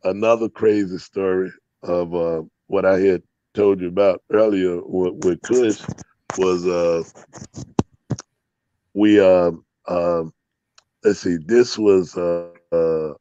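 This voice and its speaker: Profane, rambling man, low voice. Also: fairly even intonation, slow, dark tone, dull audio. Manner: rambling, profane, laughing storyteller with many fillers. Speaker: interview guest, dog breeder. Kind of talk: casual storytelling interview.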